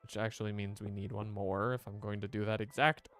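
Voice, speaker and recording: Man, game streamer, smooth clear voice, chatty rambling commentary. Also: on the low side, little pitch movement, fairly quick, fairly bright tone, faint music behind. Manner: rambling, chatty, talks to chat.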